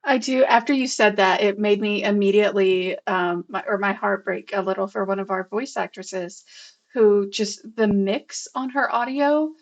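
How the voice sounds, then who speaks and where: A woman hosting an interview in casual chat, halting, with many fillers and restarts. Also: mid-range voice, fairly even intonation, lo-fi sound. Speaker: host.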